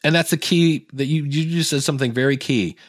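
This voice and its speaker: Animated middle-aged man, dry close sound. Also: fairly high pitch, brisk, no echo. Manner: animated storyteller, acts out quoted voices. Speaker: podcasting coach, guest. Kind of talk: casual interview chat.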